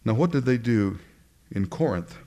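A man's voice: medium pitch, expressive, moderate pace, mellow. A man pastor preaching a sermon, earnestly addressing his congregation directly.

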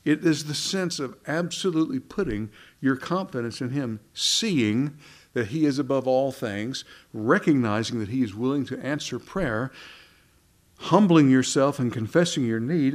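A man preaching a sermon in a conversational, folksy way, with asides and quick restarts. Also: mid-range voice.

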